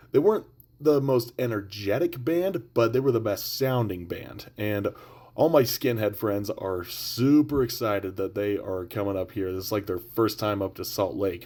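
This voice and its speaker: A man's voice: on the low side, moderate pace, a little mellow. A man hosting a podcast, running down upcoming gigs in a laid-back, profane, chatty way. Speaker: podcast host. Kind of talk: casual show-roundup chat.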